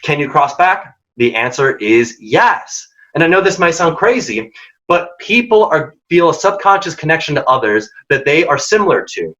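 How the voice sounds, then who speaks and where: A man's voice: a little high, very animated, normal speed, bright, forceful tone. A man presenting a career workshop, giving direct, emphatic advice and acting out quoted dialogue. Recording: dull lo-fi audio.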